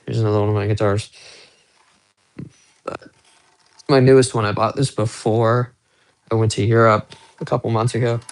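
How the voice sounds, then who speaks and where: Chatty young man with a gravelly voice. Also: on the low side, little pitch movement, moderate pace, pauses often. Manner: rambling, chatty, talks to viewers while showing his guitars and watches. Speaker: live streamer. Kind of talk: casual live-stream chat. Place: small room at home. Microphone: phone held close.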